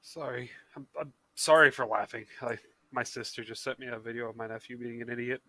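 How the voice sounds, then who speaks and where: A man with a bright, forward voice, chatting loosely between turns of a tabletop game. He is quick to giggle and apologize, and his voice sits at a middle pitch through a plain call mic. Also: steady tone. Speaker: player. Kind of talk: casual chat at the gaming table.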